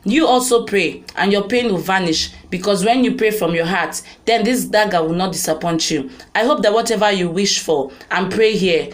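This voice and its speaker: A woman reading the lines of a kind queen consoling a stranger, slowly and soothingly. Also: medium pitch, natural voice.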